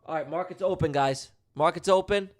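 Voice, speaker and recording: Higher-pitched man, slangy live-stream banter. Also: brisk, soft background music. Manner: slangy, emphatic, repeats himself; jokey banter with viewers. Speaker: live day-trading streamer. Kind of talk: casual live-stream commentary to chat.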